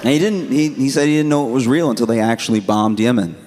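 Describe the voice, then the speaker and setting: A man's voice: medium pitch, quick pace, a little mellow, a little hiss or hum. A man doing laid-back stand-up storytelling, conversational and chuckling through his lines. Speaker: stand-up comedian.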